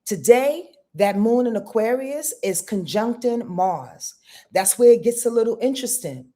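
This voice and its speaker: A woman's voice: a little high, animated, measured pace, mellow. A woman astrologer hosting a live-stream forecast, talking straight to her viewers with emphatic repeats and rhetorical questions. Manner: talks straight to viewers in chat. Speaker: astrologer host.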